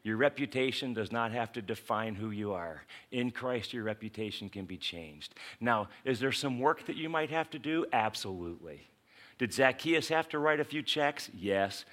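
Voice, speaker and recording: Bright-voiced man preaching an animated sermon. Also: medium pitch, normal speed. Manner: animated storytelling, acting out Bible characters in quoted voices. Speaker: pastor.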